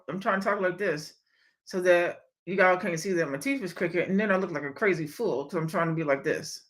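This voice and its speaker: A woman's voice: mid-range voice, pushed and bright. A woman hosting a live-streamed motivational talk, speaking candidly and reading viewer comments aloud. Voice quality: slight lisp. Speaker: livestream host and speaker.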